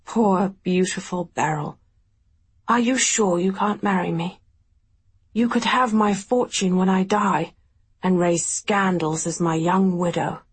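Woman reader doing a dying charmer: weak, husky, unhurried, softly teasing. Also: fairly low pitch, heavily acted. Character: dying gentle charming man, weak-voiced.

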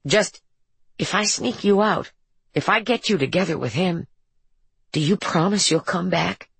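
An earnest, troubled teenage boy, as a woman reads him aloud in an audiobook, speaking in a halting, confessional way. The voice is low, gravelly and husky. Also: animated, no echo, exaggerated voice. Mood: anxious.

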